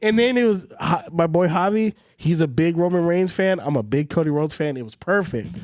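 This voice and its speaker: A man with a fairly high voice holds forth on a podcast in casual chat. He rants hard, swears a lot and swings his pitch up and down. The sound is close and dry, with no room around it. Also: normal speed, no echo. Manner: animated, profane ranting with swinging pitch. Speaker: podcast co-host.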